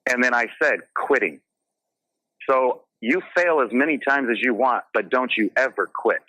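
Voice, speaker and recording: A man's voice: mid-range voice, normal speed, pushed and bright, no room sound, rough recording. A man speaking as a guest on an interview show, telling stories earnestly and passionately in a casual way. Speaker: guest, realtor.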